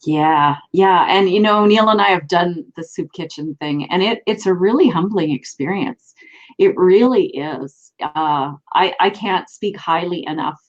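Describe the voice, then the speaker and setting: A woman's voice: on the low side, measured pace, lo-fi sound. A woman hosting a live online talk show, speaking in an earnest, reflective way. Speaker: host.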